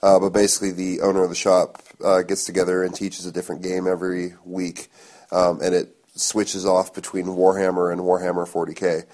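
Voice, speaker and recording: A man's voice: sits low, completely flat delivery, brisk, a little mellow. A man hosting a podcast, laid-back and profane in casual chat. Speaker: podcast host.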